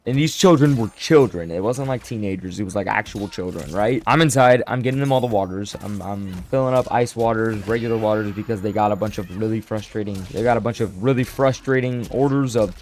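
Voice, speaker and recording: A young man telling a casual storytime, animated and self-deprecating, often restarting his sentences. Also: on the low side, fairly quick, few pauses. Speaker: storyteller vlogger.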